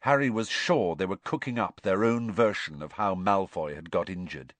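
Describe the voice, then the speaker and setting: A man giving expressive, scripted storybook narration at a close mic. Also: low-pitched, moderate pace, no echo. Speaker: audiobook narrator.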